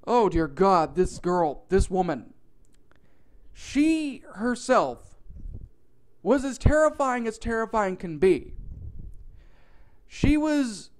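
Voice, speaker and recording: A man narrating a comic storytime in an animated, profane, exaggerated way. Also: high-pitched, takes it slowly, long pauses.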